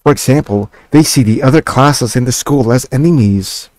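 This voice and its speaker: A man voicing a glum, blunt thirteen-year-old girl in a game, raising his voice into a flat, sulky delivery. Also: mid-range voice, normal speed, no echo, lightly acted. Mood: scornful.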